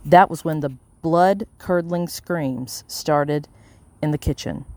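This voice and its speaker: An audiobook narrator reading a first-person story in a steady, measured way. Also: medium pitch, no echo.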